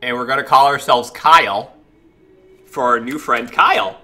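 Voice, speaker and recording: A man's voice: medium pitch, normal speed, sharp tone. A man chatting casually while streaming a game, greeting viewers and reacting to it. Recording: game music playing behind. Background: faint game music.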